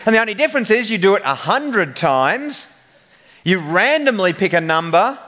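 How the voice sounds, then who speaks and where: Animated man giving a joking tech talk. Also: sits high, moderate pace. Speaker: conference speaker. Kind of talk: humorous technical presentation.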